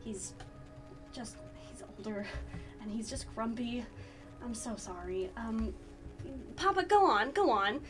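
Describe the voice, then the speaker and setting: A sweet young farm woman speaks softly and apologizes often, as a woman puts her on. Her voice sits a bit high and sounds set back from the mic, with music playing clearly behind. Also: animated, slow pace, long pauses, far from the mic. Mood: apologetic. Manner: soft and apologetic.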